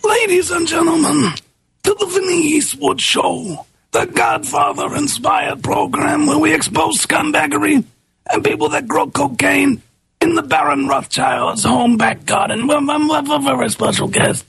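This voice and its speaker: A man voicing a menacing, gravelly mafia-don style announcer who introduces his radio show. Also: very high-pitched, measured pace, fairly bright tone, no echo, voice pushed up, exaggerated voice. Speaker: host.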